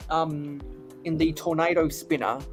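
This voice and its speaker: Over soft background music, a man with a fairly high, fairly even voice hosts a livestream while building sets. His casual chat is halting, with many restarts and hesitations.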